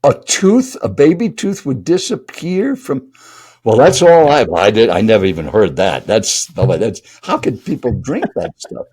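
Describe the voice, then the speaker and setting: A man's voice: mid-range voice, big pitch swings, measured pace, a little mellow, breathy edge. An older man, a speaking coach and guest, telling a dramatic story while speaking directly to the listener. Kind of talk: animated storytelling.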